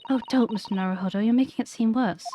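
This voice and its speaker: A woman voicing a polite, gentle young female assistant, speaking courteously. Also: on the high side, fast, slight background noise, lightly acted. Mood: uneasy. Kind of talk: game dialogue read aloud.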